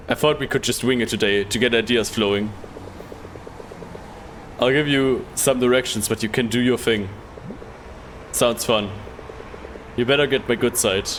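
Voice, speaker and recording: A man's voice: mid-range voice, a little hiss or hum. A man streaming a game live, reading the dialogue aloud in a casual way, stumbling over words and swearing offhand.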